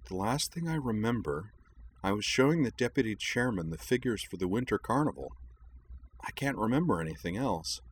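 A man voicing an excitable young schoolgirl, speaking higher than his own voice in rushed, alarmed questions. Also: a little hiss or hum, natural voice.

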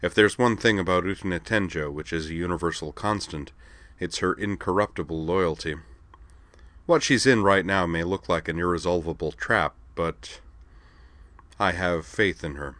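A man voicing a calm, gently amused swordsman. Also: sits low, normal speed, dry recording. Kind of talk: audiobook character reading.

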